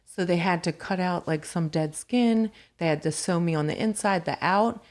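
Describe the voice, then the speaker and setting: A woman guest on a podcast, telling her story in casual chat, lively and full of "like" fillers. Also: on the low side, normal speed.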